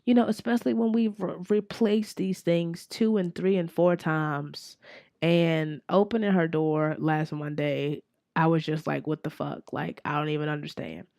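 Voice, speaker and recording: A woman podcast host in her forties, candidly telling a family story in a casual, profane, animated way. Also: sits low, unhurried, dry recording, studio quality.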